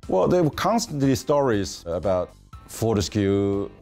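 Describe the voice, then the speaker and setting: A man's voice: fairly low pitch, big pitch swings, a little slow, darkish tone, faint music behind. An enthusiastic man in an interview, ending points with "right?".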